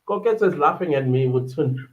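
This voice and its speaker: A man chats through a livestream, reading viewer comments aloud and laughing easily between them. His voice sits slightly higher than most men's. The audio is muffled, like a lo-fi stream. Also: animated. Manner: chatty and warm-hearted, often laughing, quick shifts up in pitch. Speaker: livestream host.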